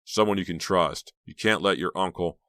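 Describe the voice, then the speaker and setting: A man reading an audiobook, voicing a low-voiced teenage boyfriend who is easygoing and teasing. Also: moderate pace, pushed and bright, smooth, dry recording.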